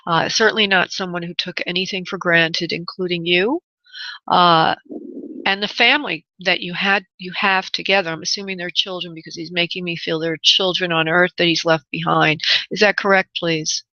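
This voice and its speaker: A woman hosting a call-in radio show as a spirit medium. She talks in a halting, searching way with many restarts and calls her callers honey and love. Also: fairly low pitch, fairly even intonation, bright, forceful tone, dry recording, lo-fi sound.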